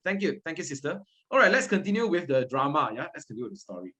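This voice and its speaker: A man's voice: on the high side, very animated, fast, pushed and bright. A man teaching a Buddhist story class, conversational, often checking in with his listeners. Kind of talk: interactive Dharma class.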